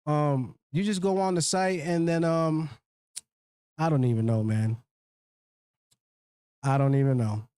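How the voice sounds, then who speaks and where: Male streamer, unscripted and heated, curses freely, higher-than-average voice, dry room. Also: measured pace, pauses often, mellow, clear, resonant tone, no room sound. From Minnesota. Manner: heated, profane, rambling with filler words. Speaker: live stream host. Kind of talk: unscripted livestream rant.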